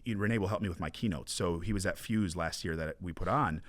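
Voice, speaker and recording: A man, a mortgage broker guest, telling animated stories in a casual interview, acting out quoted dialogue and dropping to a hush. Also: deep voice, fast, no echo. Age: 20s.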